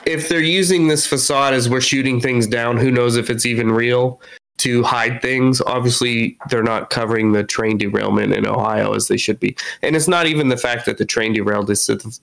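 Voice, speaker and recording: A man's voice: mid-range voice, gravelly, a bit bright, poor audio. A young man co-hosting a podcast, chatting casually and rambling until he loses his train of thought. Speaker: podcast co-host. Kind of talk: casual chat.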